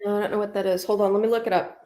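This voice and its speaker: A woman's voice: medium pitch, level tone, racing, dark tone. A woman from the United States speaks on a live stream panel. She sounds curious and explains things plainly and casually, in a mid-range voice.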